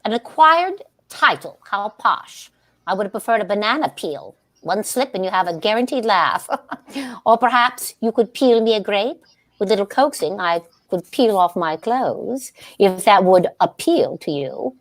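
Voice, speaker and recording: A woman's voice: mid-range voice, animated, measured pace, fairly bright tone. A woman giving a staged play reading as a scatterbrained, grandly theatrical aging stage actress who giggles often.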